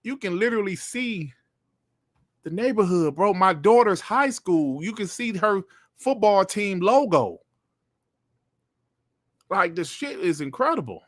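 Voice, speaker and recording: Middle-aged male host, casual stream chat, slangy and profane, slightly high pitch. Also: big pitch swings, measured pace, pauses often, no echo, clean studio sound. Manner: laid-back, slangy, profane.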